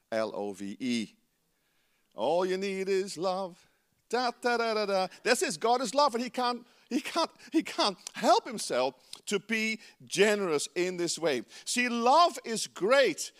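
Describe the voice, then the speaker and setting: A man with a Dutch accent preaches a sermon in a playful, self-mocking way. His voice sits high for a man and swings widely in pitch. He often chuckles at his own stories. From Netherlands. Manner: animated, playful, laughs at himself.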